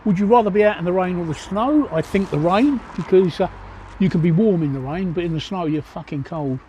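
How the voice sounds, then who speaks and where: A man's voice: sits high, brisk, dark tone, muffled recording, slight background noise. An older man, a grandfather, chatting bluntly as he answers viewer questions on a live stream from his phone. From England. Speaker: livestreamer. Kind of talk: casual live Q&A chat. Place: outdoors at a pub in a city.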